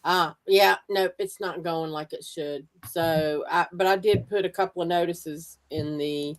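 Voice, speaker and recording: A woman's voice: fairly low pitch, steady tone, measured pace. A woman co-hosting a live stream, telling stories casually and laughing. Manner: storytelling, laughs. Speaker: co-host.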